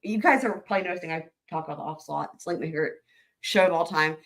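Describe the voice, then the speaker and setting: A woman's voice: fairly low pitch, rapid-fire, fairly bright tone. A woman hosting a live stream in casual chat, rambling, laughing often and reading comments aloud.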